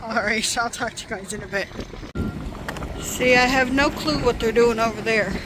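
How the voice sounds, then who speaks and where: A chatty woman, talking casually to her viewers in a vlog. Her voice sits a little high, and she laughs often between remarks. A faint hum of noise sits behind her. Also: moderate pace. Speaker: vlogger.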